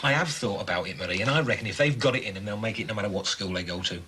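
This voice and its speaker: An actor playing a blunt, teasing husband in a soap opera. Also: male voice, fairly low pitch, very fast, bright, forceful tone, a little hiss or hum.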